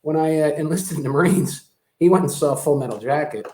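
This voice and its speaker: A man chatting casually as a guest, halting, with restarts and laughs at his own stories. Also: fairly high pitch, mellow, reverberant. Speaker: guest, brother of the host. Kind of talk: casual chat.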